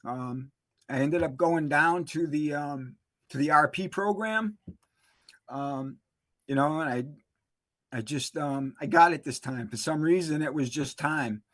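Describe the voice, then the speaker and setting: A man telling his recovery story in a halting, emotional way, full of fillers and restarts. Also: a little high, fairly bright tone, no echo. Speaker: interview guest, recovery specialist. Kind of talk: emotional personal testimony.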